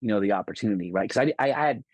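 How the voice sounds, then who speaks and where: Husky man telling a story. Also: on the low side, very fast, dry recording. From California. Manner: animated anecdote-telling with quoted voices and stumbling restarts. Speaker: guest, loan officer. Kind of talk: casual storytelling.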